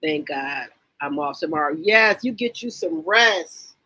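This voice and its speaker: A woman chats on a casual livestream, reading viewer comments and reacting to each one. Her voice is bright and a little husky. She exclaims often and repeats her reactions over and over. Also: low-pitched, measured pace, rough recording. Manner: animated, exclaims and repeats herself, reads chat comments aloud. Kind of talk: casual reality-TV gossip chat.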